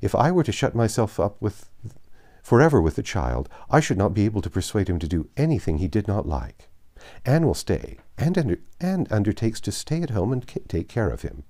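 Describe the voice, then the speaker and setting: A man's voice: fairly low pitch, sing-song, mellow. A man reading a classic novel aloud, voicing a fretful, self-pitying young mother who complains easily. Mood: eager. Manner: complaining, quick to whine.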